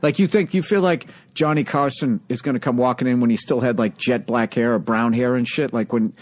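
Podcast host and comic from the US, swears a lot, tells stories with lots of energy. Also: male voice, medium pitch, brisk. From United States. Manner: profane, animated anecdote telling. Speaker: podcast host, stand-up comedian. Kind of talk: casual chat, storytelling.

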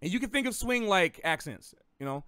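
A man's voice: high voice, very animated, brisk, sharp tone, clear, resonant tone, dry recording, studio quality. A man from the American South with a faint Southern accent, teaching jazz in a rambling, self-correcting, chatty way. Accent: slight Southern American. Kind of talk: casual livestream lesson.

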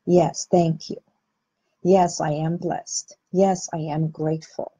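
A woman's voice: sits low, level tone, slow, dark tone, slightly rough, rough recording. A middle-aged woman, a clinical hypnotherapist, hosting a heartfelt live talk and greeting viewers by name. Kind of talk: inspirational live-stream talk.

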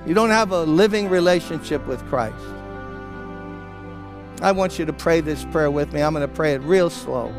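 An older man preaching a sermon as pastor, speaking earnestly and pleading directly with listeners, then leading them in a slow prayer. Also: fairly high pitch, music in the background. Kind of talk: sermon with altar-call prayer.

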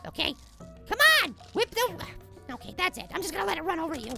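A man voicing a tiny, excitable cartoon apple boy in frantic let's play commentary, yelling at the game. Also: a little fast, gravelly, heavily acted. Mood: frantic excited. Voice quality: squeaky, sped-up high voice. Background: game music.

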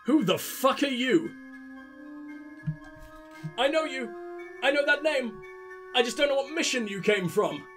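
A man's voice: extremely high pitch, animated, unhurried, pauses often, over music. A man hosting a let's play, rambling through casual game commentary with self-mocking jokes and lots of swearing.

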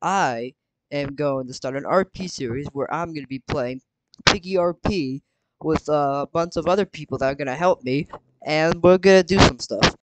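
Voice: medium pitch, moderate pace, noisy background. A gaming video host talking casually and rambling with lots of fillers while introducing a roleplay game. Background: background music.

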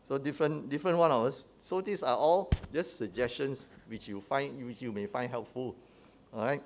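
Male lay preacher, mid-pitched, chatty teaching sermon full of tag questions and restarts. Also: measured pace. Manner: conversational, checks in with "huh?" and "right?"; often restarts and repeats words.

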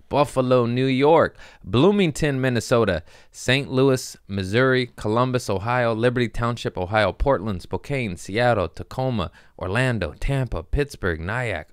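A man's voice: medium pitch, dry recording, clean studio sound. A man in his thirties hosting a comedy podcast, rambling through the intro with self-mocking jokes and a lot of cussing.

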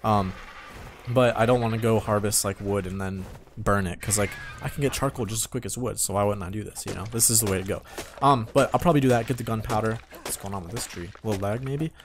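A man in his twenties hosting casual gameplay commentary, chatty and rambling, with a voice starting to go hoarse. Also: on the low side, quick pace, a little hiss or hum. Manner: chatty, rambling, talks straight to viewers. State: voice going hoarse. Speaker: gaming channel host.

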